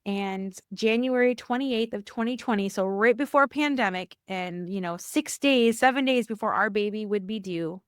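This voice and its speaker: A woman of middle pitch tells a personal faith story as a podcast guest. She brings quoted dialogue to life with jumps in her voice and repeats phrases for emphasis. The recording is dry and close, with no room sound. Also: moderate pace, hardly any pauses, smooth, no room sound. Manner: animated, acts out quoted dialogue with rising pitch. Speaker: church worker.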